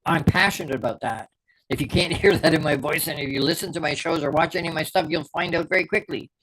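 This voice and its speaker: A man's voice: a little high, quick pace, background noise. A middle-aged man hosting a podcast, giving a fervent motivational talk as a performance coach and repeating key words for emphasis.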